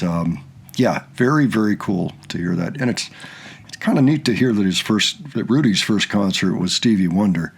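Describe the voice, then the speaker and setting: Husky-voiced man musing on a clip. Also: on the low side. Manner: relaxed, reflective musing. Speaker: reaction channel host. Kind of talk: casual reaction commentary.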